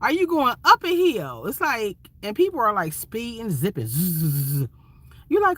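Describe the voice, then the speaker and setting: A woman's voice: a little high, wildly swooping pitch, a little slow, fairly bright tone, no echo. A woman from Ohio, a van-life vlogger chatting casually and expressively with viewers on a phone livestream. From Ohio, USA.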